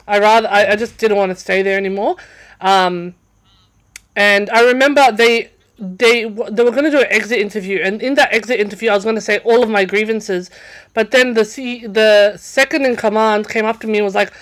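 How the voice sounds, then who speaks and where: A young woman tells a story as a podcast guest. She talks in a chatty, casual way, often restarting her sentences and filling pauses with "um" and "like.". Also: medium pitch, steady tone. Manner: chatty, many fillers and restarts.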